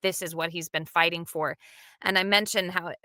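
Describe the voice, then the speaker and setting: A woman's voice: fairly low pitch, fairly even intonation, moderate pace, pushed and bright, no room sound, studio quality. A woman, a dub director, talking animatedly in an interview and acting out the lines she quotes. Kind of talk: interview, behind-the-scenes talk.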